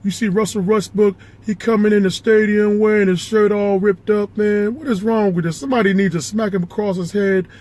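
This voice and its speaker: A man's voice: high voice, fairly even intonation, a little fast, hardly any pauses, darkish tone, pitched above the performer's own voice, close to an everyday voice. A man impersonating a blustery, ranting basketball pundit who keeps calling out to his co-host. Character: loud gruff male basketball pundit.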